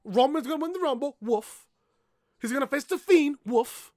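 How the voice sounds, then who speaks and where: A woman's voice: sits high, animated, normal speed, a little mellow, no room sound, clean studio sound. A woman reviewing a wrestling show in a blunt, profane rant, repeating herself and barking "woof" between points, on a laptop webcam mic. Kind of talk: profane ranting review vlog.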